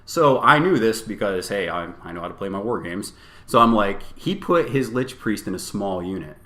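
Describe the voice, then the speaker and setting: A man co-hosting a podcast, telling a tabletop tournament story in a casual, animated and profane way, acting out both sides of the argument. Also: fairly low pitch, moderate pace. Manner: animated, profane storytelling with quoted back-and-forth. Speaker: podcast co-host. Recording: roomy echo.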